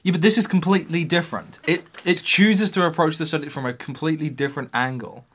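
A man's voice: on the high side, steady tone, fast, fairly bright tone. Earnest young man. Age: young adult. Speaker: co-host. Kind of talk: casual film discussion.

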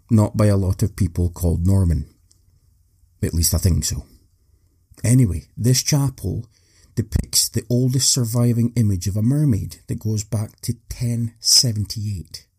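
A man's voice: on the low side, darkish tone, breathy edge. A man hosting a talk, telling history with wry, joking asides. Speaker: host. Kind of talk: humorous storytelling.

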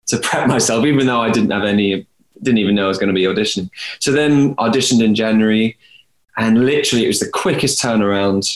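A young actor talking about his career in a podcast interview, rambling and correcting himself as he goes. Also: on the low side. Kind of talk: conversational interview. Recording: roomy echo.

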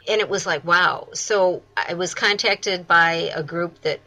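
Interview guest: American woman, festival founder, bright tone, enthusiastic. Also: fairly low pitch, unhurried, low-quality recording. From United States.

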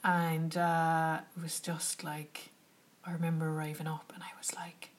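A young woman telling a travel story to her viewers in a chatty, animated way, full of "like" and "do you know". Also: sits low, unhurried. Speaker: travel vlogger. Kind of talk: casual travel storytelling to camera. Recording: slightly distant from the mic.

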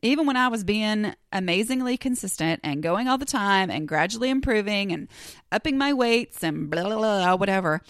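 A woman in her forties hosts her own podcast, chatting and confessing as she talks. She acts out her old thoughts with lively bursts. She is close to the mic in a very dry space with no room sound. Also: mid-range voice, moderate pace, no echo. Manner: chatty and confessional, slips into lively acted-out quotes. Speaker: podcast host. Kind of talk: casual solo podcast monologue.

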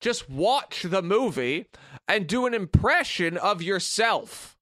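High-voiced blunt man, dry close sound. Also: big pitch swings, slow pace, pushed and bright, dry recording. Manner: blunt, sweary, opinionated. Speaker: podcast co-host. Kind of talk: casual chat.

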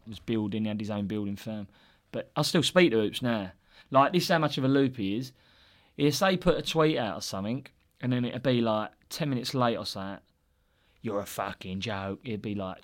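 A man telling football anecdotes in casual podcast chat, laughing and acting out the people in his stories. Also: mid-range voice. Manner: laughing, animated anecdotes with impressions. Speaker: podcast co-host, former footballer.

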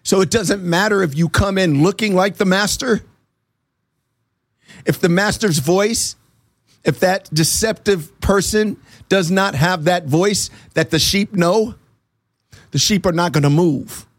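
Gravelly, earnest man telling his faith story. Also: high voice, a little slow, no echo. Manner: earnest, animated storyteller acting out dialogue. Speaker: interview guest. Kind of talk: personal faith testimony.

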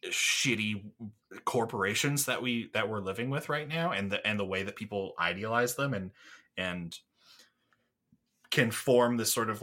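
A young man in casual podcast chat, talking in long enthusiastic runs full of fillers and the odd swear word. His voice is bright and forward. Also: lowish voice. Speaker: podcast co-host.

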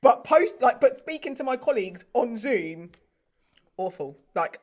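A woman's voice: a little high, big pitch swings, a little slow. A young woman chatting casually as a podcast co-host, rambling and self-deprecating, with many filler words. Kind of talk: casual chat.

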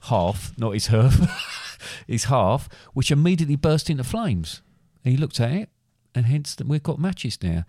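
A middle-aged man co-hosting a father-and-son podcast in casual chat, with dry, deadpan humour. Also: mid-range voice, moderate pace, hardly any pauses, dry recording.

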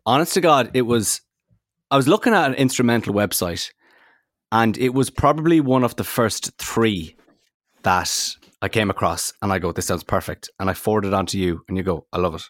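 A chatty man co-hosting a podcast, telling stories in an animated way. His voice sits fairly low, recorded close and dry with no room sound. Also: normal speed, no echo. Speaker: podcast co-host. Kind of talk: casual podcast chat.

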